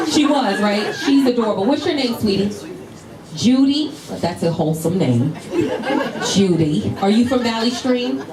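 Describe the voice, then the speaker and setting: A woman from Northern Virginia doing stand-up comedy, teasing audience members in a brash, laughing way. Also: on the high side. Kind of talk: stand-up crowd work. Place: comedy show in a tent with a live audience. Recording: roomy live sound from a distant mic, crowd noise.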